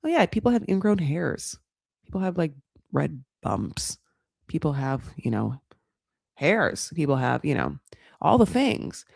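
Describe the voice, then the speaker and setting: A woman hosting a comedic reality TV recap, sarcastic and animated, swearing freely. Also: sits low, unhurried, creaky, dry recording, studio quality. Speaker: host.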